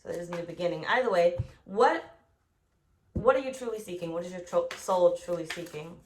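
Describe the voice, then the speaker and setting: A woman's voice: fairly low pitch, fairly quick, a little mellow, slight background noise. A woman giving a tarot reading, blunt and profane, who drives her points home by repeating them. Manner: acts out quoted voices. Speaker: tarot reader.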